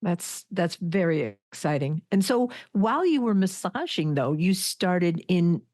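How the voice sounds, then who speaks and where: A woman's voice: lowish voice, animated, a little slow, darkish tone. A woman interviewing a guest, asking friendly, somewhat stumbling questions and laughing along. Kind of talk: casual interview.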